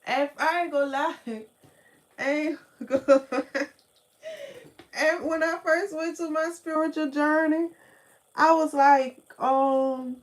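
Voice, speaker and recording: A woman with a New Orleans accent telling her own story in casual, slangy talk, laughing often and jumping into excited quotes of herself. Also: sits high, slow pace, long pauses. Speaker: spiritual vlogger.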